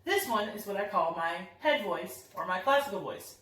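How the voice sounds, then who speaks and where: In this singing lesson demonstration, a young woman teaches vocal technique with a cheerful, friendly manner. Her mid-range voice has lively intonation and a normal pace, and there's background noise, a roomy echo, and some distance from the microphone.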